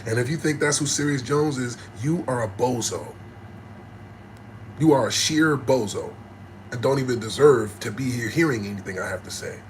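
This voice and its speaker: A man's voice: medium pitch, normal speed, a little hiss or hum, rough recording. Blunt, aggressive middle-aged man. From New Jersey. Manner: passionate and aggressive, blunt and profane. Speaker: livestream host talking to viewers. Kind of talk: unscripted livestream rant.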